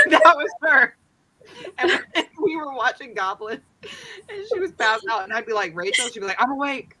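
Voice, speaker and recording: A woman's voice: high voice, a little slow, breathy edge. A woman co-hosting a casual book club video call, telling stories with jokey asides. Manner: animated storyteller, joking asides.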